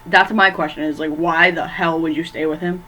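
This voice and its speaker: A low-pitched woman with a steady, sharp tone talks at a moderate pace over poor audio with a little hiss or hum. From her bedroom, she rambles through a casual ranking of horror movies, heavy on fillers and tripping over names.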